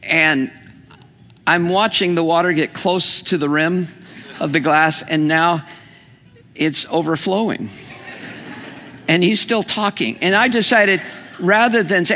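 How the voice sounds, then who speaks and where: Animated preacher man in an echoing hall. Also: high-pitched, takes it slowly, pauses often, a little hiss or hum. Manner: animated, humorous, asks the audience questions. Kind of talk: sermon. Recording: long hall reverb.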